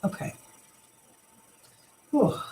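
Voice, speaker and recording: A woman's voice: drawn-out words, warm tone, low-quality recording. A woman leading a live team video chat, talking casually and motivationally, rambling with fillers and restarts. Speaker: team leader.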